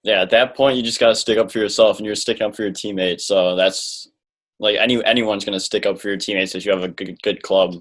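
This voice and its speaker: A man's voice: lowish voice, fairly even intonation, fast talker, a bit bright. A man hosting a sports podcast who answers with short, casual agreeing remarks. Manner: brief agreeing replies. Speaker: podcast host. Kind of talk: casual interview responses.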